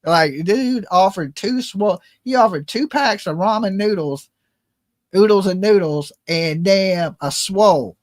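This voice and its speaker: A man's voice: high-pitched, measured pace, no echo. A man hosting a livestream in casual joking chat, loose and rambling, swearing freely as he banters. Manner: loose, rambling and profane, jokey phone-prank banter. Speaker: streamer host.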